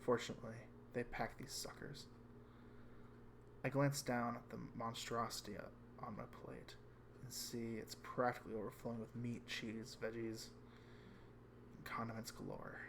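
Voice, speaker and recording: A man reading a visual novel aloud with calm first-person narration. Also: mid-range voice, moderate pace, gravelly, noisy background. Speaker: reader.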